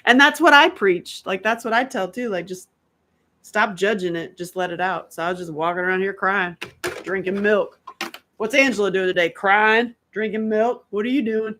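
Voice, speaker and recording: A woman's voice: medium pitch, normal speed, fairly bright tone, a little hiss or hum. A woman, hosting a casual, rambling chat and laughing often. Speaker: host.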